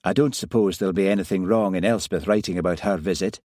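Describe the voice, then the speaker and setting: A man voicing an easygoing village constable with a Scottish Highland accent, mild and polite. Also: fairly even intonation, quick pace, a little mellow, no echo, clean studio sound.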